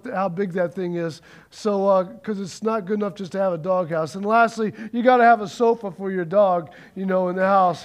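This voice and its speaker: A pastor preaching in a loose, conversational way, with a strikingly high male voice. He talks with animated energy and leads call-and-response with his congregation. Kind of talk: sermon.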